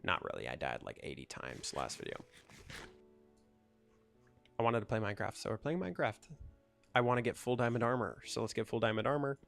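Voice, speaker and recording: A man's voice: fairly low pitch, very animated, fairly quick, gravelly, long pauses, a bit bright, soft background music. A young man chatting casually over his gameplay, rambling, joking and ranting about whatever comes up. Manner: rambling, jokey, ranting asides. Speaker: gaming YouTuber.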